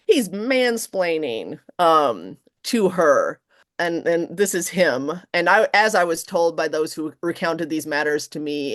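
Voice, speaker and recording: A middle-aged woman professor speaks in an interview with a slightly low voice. She is animated and expressive, leaping up in pitch to act out quoted lines. The sound is close and dry, with no room around it. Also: slow, dry recording. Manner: animated, acts out quotes with big pitch jumps. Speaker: guest professor. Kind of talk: casual interview chat.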